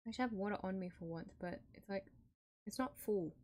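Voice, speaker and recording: A woman's voice: mid-range voice, brisk, darkish tone. A young woman streamer chatting casually to viewers while playing a game, giggly and self-deprecating.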